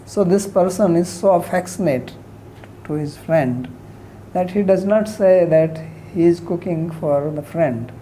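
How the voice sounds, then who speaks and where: Slow, mellow teacher. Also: male voice, on the high side, a little hiss or hum, rough recording. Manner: soft-spoken, voice trails off at phrase ends. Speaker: scripture teacher. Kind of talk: lecture on scripture.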